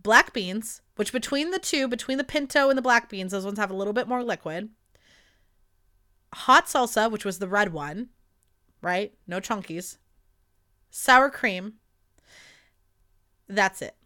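A woman in her twenties telling a rambling, animated story in a casual monologue, swearing freely. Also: mid-range voice, a little slow, long pauses. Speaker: podcast host.

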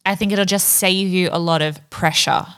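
A woman's voice: lowish voice, moderate pace, clean tone. Frank woman co-host chatting. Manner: relaxed, chatty, gives advice frankly. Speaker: podcast co-host. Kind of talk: casual chat.

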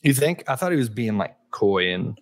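A man co-hosting a casual chat about a book, relaxed and full of fillers. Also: mid-range voice, normal speed, dry recording.

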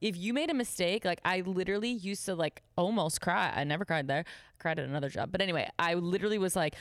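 A young woman from Buffalo telling a workplace story in casual chat. Her voice is low and smooth, with a crisp, dry sound close to the mic. She acts out the people in her story and swears freely. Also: quick pace, no room sound. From Buffalo, New York.

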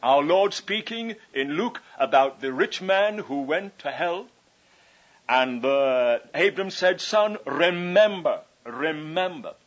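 A man's voice: fairly high pitch, lively intonation, slow. A man preaching a sermon, earnestly pleading with his listeners and repeating phrases for emphasis. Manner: earnest, pleading evangelistic appeal. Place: conference hall. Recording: dull lo-fi 1981 conference tape.

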